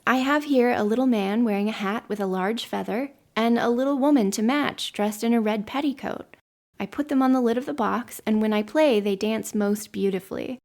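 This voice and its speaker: A woman's voice: fairly high pitch, darkish tone, natural voice. Woman reading as a cool, teasing village girl. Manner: cool, unconcerned.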